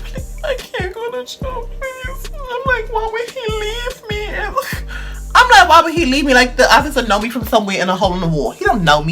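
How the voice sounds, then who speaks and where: A man's voice: high-pitched, fairly bright tone. A man, telling a dramatic, slang-heavy storytime on his vlog. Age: 20s. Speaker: vlogger.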